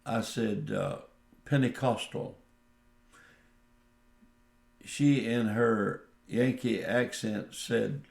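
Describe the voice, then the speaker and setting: Gravelly male radio preacher, unhurried anecdotal delivery in a roomy space. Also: lowish voice, darkish tone. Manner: slow, folksy anecdotal telling with quoted dialogue. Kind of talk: radio sermon storytelling.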